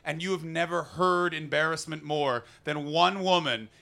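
Young male stand-up comic, bright and fairly high voice, rambling and loud at times. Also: normal speed, creaky. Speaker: stand-up comedian. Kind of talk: stand-up set. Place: comedy club stage before an audience. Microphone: handheld stage mic.

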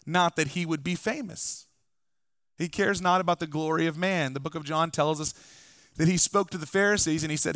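A man's voice: fairly high pitch, fairly bright tone, no room sound, studio quality. Conversational male pastor preaching a sermon. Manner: conversational preaching with joking asides. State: recovering from illness. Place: church.

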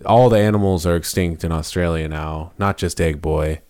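A man's voice: low-pitched, normal speed, darkish tone. Rambling man in casual podcast banter. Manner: rambling, self-interrupting, laughs often. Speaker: podcast co-host. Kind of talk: casual comedic chat.

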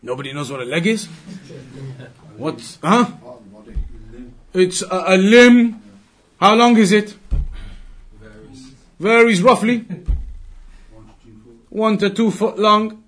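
Male religious teacher, fairly high voice, quizzes the class, drawn-out repetitions. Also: fairly bright tone. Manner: questions the audience, repeats words slowly for emphasis. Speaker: Islamic teacher.

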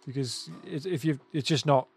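A man's voice: on the high side, moderate pace, vocal fry, slightly rough, soft background music. A man co-hosting a podcast, chatting casually while playing retro games, blunt and playful with frequent swearing. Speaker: podcast co-host.

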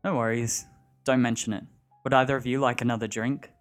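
A man plays a jittery young man who hesitates and trips over his own sentences. The voice sits in an ordinary middle range over quiet music. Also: medium pitch, fairly even intonation, brisk, close to an everyday voice. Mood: offhand. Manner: hesitant, stumbling over words. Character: nervous young man hiding dark intent.

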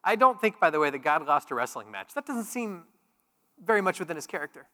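Bright, high-voiced man preaching. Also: sing-song, fast talker. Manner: swings from loud emphatic peaks to quiet intimate asides; conversational, joking storyteller. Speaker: pastor. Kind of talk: sermon. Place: large church sanctuary. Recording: long hall reverb.

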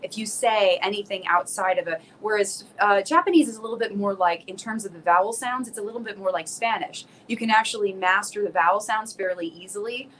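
Bright-voiced woman, rambling and laughing. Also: mid-range voice, fairly quick, few pauses, a little hiss or hum, rough recording. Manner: rambling, restarts often, laughs easily. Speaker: podcast guest, singer and vocal coach. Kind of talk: casual interview chat.

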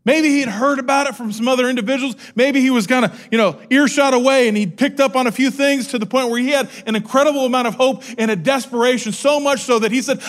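High-voiced energetic male preacher. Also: fast talker, few pauses. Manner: energetic, animated storytelling with acted-out quotes. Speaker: pastor. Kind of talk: sermon.

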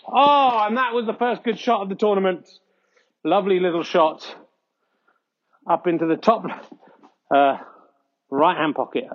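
A man hosting a comedy podcast, giving mock-earnest snooker commentary with frequent excited exclamations. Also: on the high side, dull audio. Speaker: host doing mock sports commentary.

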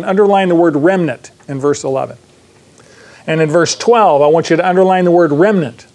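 High-voiced pastor with playful asides. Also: male voice, a little mellow. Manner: conversational, joking asides with the congregation. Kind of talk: sermon.

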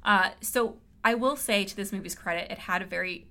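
A woman co-hosting a film podcast with a bright, forward voice. She chats casually and playfully, telling the story with animated energy. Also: mid-range voice, a little fast. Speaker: podcast co-host. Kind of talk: casual chat.

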